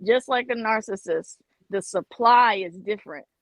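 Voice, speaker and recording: A woman's voice: on the high side, normal speed, no echo. A woman arguing her opinion emphatically in a casual panel debate. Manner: emphatic, insistent, talks over others. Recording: dull lo-fi online audio.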